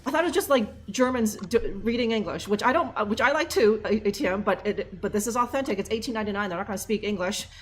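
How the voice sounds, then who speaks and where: A woman's voice: medium pitch, fast, hardly any pauses, slight background noise. A woman streamer chatting and joking while playing a game live, reading subtitles aloud. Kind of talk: casual live game commentary.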